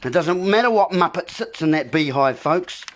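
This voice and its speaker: Brief: male host, political rant, keeps repeating himself, talks straight to his listeners, voice on the high side. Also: animated, moderate pace. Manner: repetitive, ranting, keeps calling out "folks". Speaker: video host. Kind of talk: political monologue.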